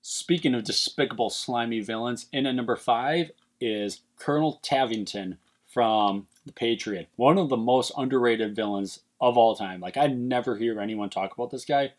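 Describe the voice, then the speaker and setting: A man casually ranking movie villains, animated and emphatic, swearing often and using many fillers. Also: medium pitch, moderate pace. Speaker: movie list vlogger.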